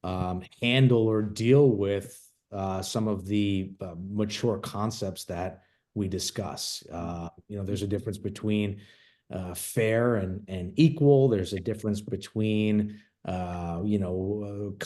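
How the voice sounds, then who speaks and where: A man speaking as a financial advisor in a webinar discussion, hesitant and filling pauses with uh and you know. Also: lowish voice, steady tone, mellow. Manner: hesitant, many filler words.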